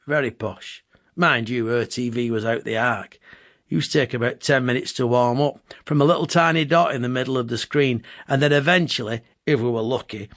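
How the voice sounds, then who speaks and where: A man in his fifties with a Bolton accent, reading his own comic memoir with wry, deadpan asides. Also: mid-range voice, dry recording, clean studio sound. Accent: Bolton, Lancashire. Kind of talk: comic memoir audiobook narration.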